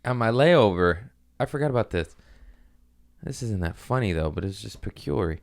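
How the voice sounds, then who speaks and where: Brief: young male comic, casual podcast monologue, very lively pitch swings, jokey. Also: normal speed, gravelly. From Mexican-American family. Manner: animated, jokey, swings into loud character voices. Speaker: comedian podcast host.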